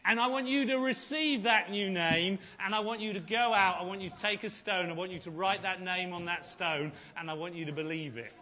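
A man preaching a sermon as pastor, swinging between hushed, slow emphasis and shouted declarations. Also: high-pitched, slight background noise.

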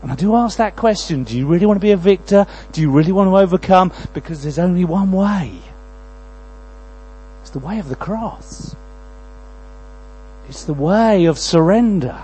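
A man preaching a sermon, moving between quiet prayerful lines and loud, pleading passages. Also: sits high, expressive, normal speed, long pauses, breathy edge, no echo, rough recording.

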